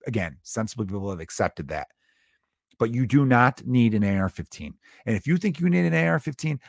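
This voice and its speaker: A man's voice: mid-range voice, animated, quick pace, creaky, no echo, studio quality. A male comedian hosting a podcast, ranting in a profane, sarcastic, exasperated monologue.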